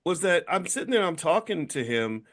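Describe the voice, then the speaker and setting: A man's voice: on the high side, very animated, brisk. A middle-aged man hosting a casual conversation, talking in a rambling way with many restarts and fillers. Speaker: host, founder of a business school.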